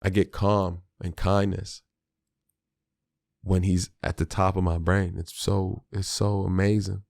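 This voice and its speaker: A man's voice: deep voice, little pitch movement, measured pace, vocal fry, a little mellow, no room sound, clean studio sound. A man hosting his own podcast, a father talking in a reflective, candid and slangy way, often restarting his sentences. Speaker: podcast host; father of a small child. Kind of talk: solo podcast monologue.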